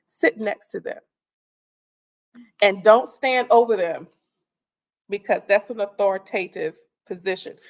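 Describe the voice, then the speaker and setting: A middle-aged woman giving a parenting workshop in a calm, conversational way, often repeating phrases. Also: medium pitch. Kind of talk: instructional talk.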